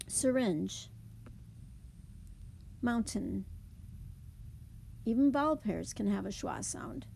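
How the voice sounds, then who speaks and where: A woman teaching a slide presentation lesson, explaining slowly and carefully. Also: fairly high pitch, expressive, gravelly, a little mellow, slight background noise. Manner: slow, careful, deliberate explanation.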